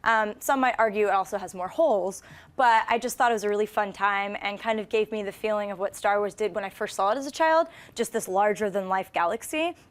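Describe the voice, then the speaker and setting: A woman's voice: mid-range voice, a little fast. Chatty woman on a movie panel. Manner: chatty and enthusiastic. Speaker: senior movie news editor. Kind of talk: casual panel chat.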